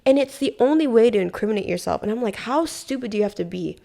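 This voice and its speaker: A young woman, a podcast guest, telling a story in casual chat, animated and swearing often, acting out what people said. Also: fairly high pitch, fast, vocal fry. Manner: animated retelling, heavy swearing, acts out quotes. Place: Hawaii.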